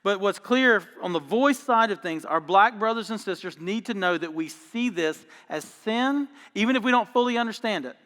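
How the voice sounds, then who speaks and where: Guy preaching, high voice, folksy and punchy, lots of hall echo. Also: lively intonation, moderate pace, few pauses, fairly bright tone. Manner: conversational storytelling, emphatic, folksy phrasing. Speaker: pastor. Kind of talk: sermon. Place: church auditorium.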